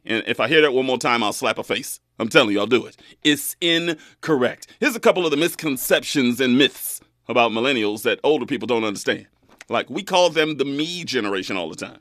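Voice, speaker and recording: A man in his twenties hosting a talk radio show, animated and folksy, laughing often. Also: medium pitch, no room sound, studio quality. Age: 20s.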